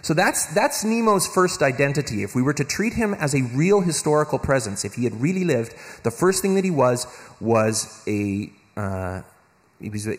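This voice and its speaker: A man giving a convention talk, animated, acting out quoted voices, with many restarts. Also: mid-range voice. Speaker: guest of honour speaker. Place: convention hall. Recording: long hall reverb.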